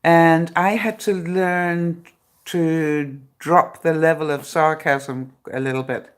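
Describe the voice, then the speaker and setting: A woman's voice: low-pitched, steady tone, takes it slowly, clear, resonant tone. A middle-aged woman chatting on a live stream from her phone, laughing often and joking with a sarcastic edge. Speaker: vlogger hosting a live broadcast. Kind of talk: casual live-stream chat.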